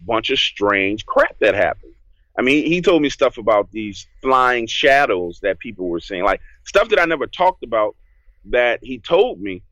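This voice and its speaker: New guy telling a story on a podcast, bright forceful voice, dry sound, acts out his own lines. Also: mid-range voice, no room sound, lo-fi sound. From New Orleans, USA. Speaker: podcast guest. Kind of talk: casual storytelling.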